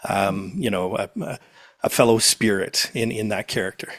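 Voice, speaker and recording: A man from Canada interviewing a guest, asking enthusiastic, halting questions. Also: lowish voice, steady tone, a bit bright, no room sound, clean studio sound.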